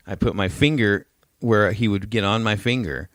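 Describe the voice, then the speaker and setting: A man's voice: fairly low pitch, moderate pace, a bit bright, dry recording, studio quality. A man co-hosting a casual podcast, telling stories bluntly and cursing freely. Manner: profane, blunt storytelling. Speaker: podcast co-host. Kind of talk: casual chat.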